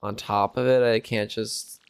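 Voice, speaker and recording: A man casually commentating as he plays a video game, joking, swearing and thinking out loud. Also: lowish voice, flat delivery, measured pace, smooth. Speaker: game streamer. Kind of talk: casual Let's Play commentary.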